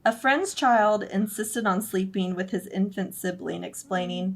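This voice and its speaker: A woman's voice: mid-range voice, fairly even intonation, unhurried, hardly any pauses. Giggly woman podcast co-host. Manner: storytelling, giggly. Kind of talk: casual chat.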